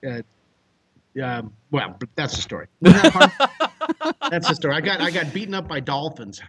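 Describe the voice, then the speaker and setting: A slightly high, somewhat fast voice with a breathy edge belongs to a middle-aged drawing teacher from the United States. He tells a story with animation, excitably shouting and laughing in bursts along the way.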